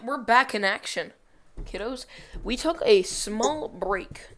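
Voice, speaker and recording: A young woman co-hosting a casual podcast with friends, teasing and blunt with deadpan jokes. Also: on the high side, takes it slowly, background noise. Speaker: podcast co-host. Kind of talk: casual chat among friends.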